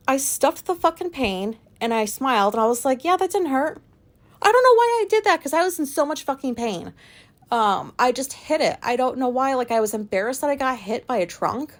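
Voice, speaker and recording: A woman hosting a podcast, telling personal stories in a rambling, candid way, swearing freely and laughing at herself. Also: a little high. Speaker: podcast host. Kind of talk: casual personal storytelling.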